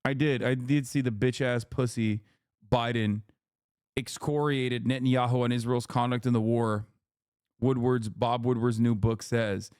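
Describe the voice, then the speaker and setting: A man's voice: mid-range voice, fairly even intonation, measured pace, a little mellow, clear, resonant tone, dry recording, clean studio sound. A man streaming live, giving casual, profane and sarcastic commentary on the news.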